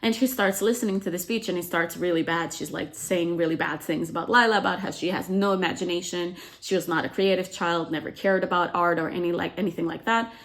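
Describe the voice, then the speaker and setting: A book summary host casually recaps a novel's plot, chatty and packed with "like" fillers, briefly acting out the characters' lines. Her voice is on the low side with a steady tone, and she talks a little fast with few pauses.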